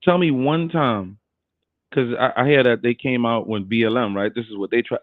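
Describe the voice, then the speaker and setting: A man's voice: mid-range voice, moderate pace. A man giving casual ranting commentary on a stream, firing rhetorical questions at his viewers. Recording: tinny phone-like audio.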